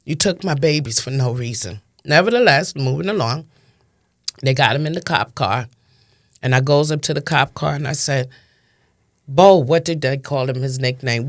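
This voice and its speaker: A woman's voice: sits low, moderate pace. A woman in her fifties from Brooklyn with a New York accent, speaking with impassioned, emphatic testimony in an interview and repeating phrases for stress. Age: 50s. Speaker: interview guest.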